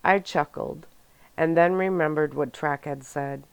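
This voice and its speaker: A woman reads a first-person story in a calm, soft-spoken ASMR audiobook style. Her voice is low and smooth, and she takes her time. The recording is dry and close. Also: a little slow, dry recording. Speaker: audiobook narrator.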